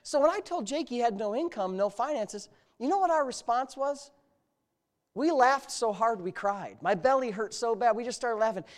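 A man preaching a sermon as pastor, moving between quiet storytelling asides and loud, fervent exclamations. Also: very high voice, animated, moderate pace. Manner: storytelling with humor.

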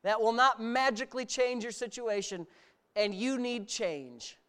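High-voiced animated male preacher. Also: measured pace, smooth. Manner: animated, rising to near-shouts, sarcastic asides. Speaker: pastor. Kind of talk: sermon.

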